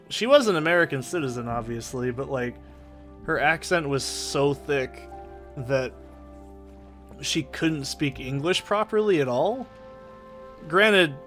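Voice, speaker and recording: A man's voice: mid-range voice, a bit bright. A man with a Southern Oregon accent rambling casually and swearing freely while narrating his gameplay, recorded on a desk mic in a soundproofed home corner. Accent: Southern Oregon, Pacific Northwest. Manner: rambling, profane, opinionated. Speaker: let's play host. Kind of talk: casual gaming commentary. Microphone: desk condenser mic with pop filter.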